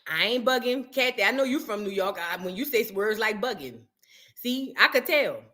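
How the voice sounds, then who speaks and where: A woman from New Orleans with a New Orleans accent, hosting a reaction show in animated, chatty and profane talk with her viewers. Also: on the high side, normal speed. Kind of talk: casual reaction chat.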